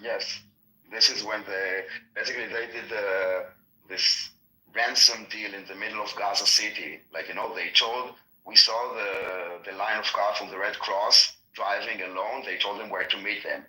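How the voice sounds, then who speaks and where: Earnest halting man in an echoey room. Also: on the low side, steady tone, pushed and bright. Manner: earnest, halting with many restarts. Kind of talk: casual political discussion.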